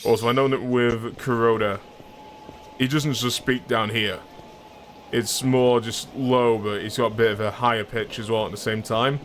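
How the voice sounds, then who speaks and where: A man's voice: medium pitch, fairly even intonation, normal speed, a bit bright, slight background noise. A man giving casual let's-play commentary as a gaming streamer, chatty and self-deprecating.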